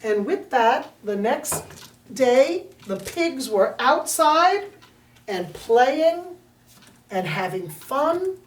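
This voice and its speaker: A woman telling a fairy tale to children in an animated, expressive way, recorded in a roomy space from a distant mic. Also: sits high, very slow. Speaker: storyteller. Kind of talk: children's storytelling.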